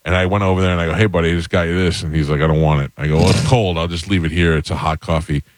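A man with a very deep voice hosts a morning radio show and talks fast. He tells stories and acts out quoted lines. The studio sound is close and dry. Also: fairly even intonation, dry recording. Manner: storytelling, quoting people. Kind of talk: casual radio chat.

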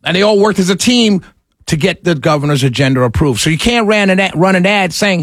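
A man's voice: sits high, expressive, brisk, no room sound. A man hosting a call-in talk radio show from a studio, ranting with exasperation and firing off rhetorical questions.

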